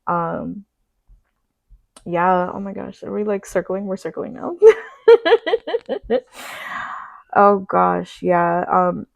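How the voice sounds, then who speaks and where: A non-binary reader giving a casual pick-a-card reading, chatty and gushing, with many fillers and soft spiritual talk. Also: mid-range voice, flat delivery, takes it slowly, creaky, no echo, poor audio.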